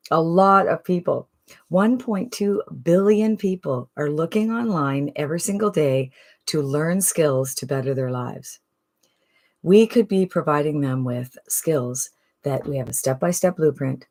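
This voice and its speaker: An online business promoter from Canada delivers a casual sales pitch in a low, deep, slightly mellow voice. She's chatty and persuasive, repeatedly throwing rhetorical questions at the listener.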